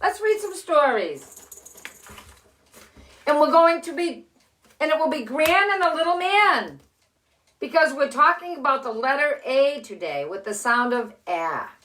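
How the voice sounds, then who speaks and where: An older woman with six grandchildren, teaching letter sounds to children in a slow, cheerful, encouraging way from her living room. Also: high-pitched, lively intonation, fairly bright tone. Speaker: children's story host. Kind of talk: phonics lesson and read-aloud for children.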